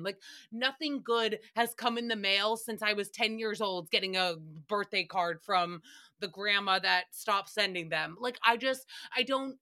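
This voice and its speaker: A young woman hosting a podcast, recapping a show in a casual, joking way, swearing freely and slipping into quick silly voices. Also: medium pitch, bright, forceful tone. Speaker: podcast host.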